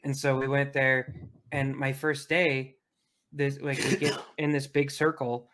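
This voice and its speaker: A young man co-hosting a casual podcast chat, an animated and profane storyteller who mimics the people he talks about. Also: mid-range voice, a little slow. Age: young adult. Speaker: podcast co-host.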